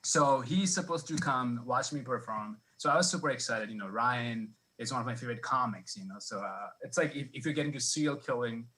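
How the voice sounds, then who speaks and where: Bright-voiced man telling a rambling stand-up story. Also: mid-range voice, brisk, hardly any pauses, a little hiss or hum, low-quality recording. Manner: rambling, self-deprecating, many restarts. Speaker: stand-up comic. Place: comedy club stage.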